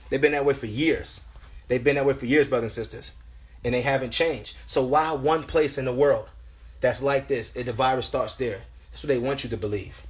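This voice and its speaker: A lay preacher with a medium-pitched, slightly rough voice speaks a little fast in a fervent home sermon, recorded indoors at home. He repeats himself, starts over many times, and again and again addresses listeners as brothers and sisters.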